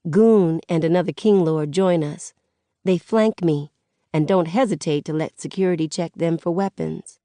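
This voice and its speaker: Low-voiced woman narrating an audiobook. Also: no room sound, clean studio sound. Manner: first-person, steady storytelling.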